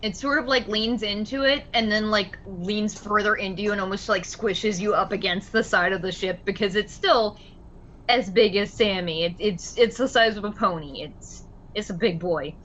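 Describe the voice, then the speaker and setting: A woman's voice: medium pitch, normal speed, a bit bright, highs cut off, a little hiss or hum. A woman running a tabletop role-playing game as game master, narrating casually. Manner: casual, with laughs.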